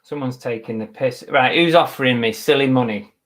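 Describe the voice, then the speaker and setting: Man from Manchester, mid-pitched, casual live-stream chatter, half muttered to himself, webcam mic. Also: brisk, fairly bright tone. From Manchester, England. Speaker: eBay reseller streaming live.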